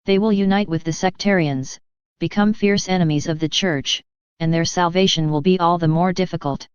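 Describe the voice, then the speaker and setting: Casting: a woman voicing a tender, solemn divine man, low and silky-clear, in a dull, dry lo-fi recording. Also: steady tone, moderate pace, no room sound, lightly acted. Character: gentle sorrowful male divine speaker, man.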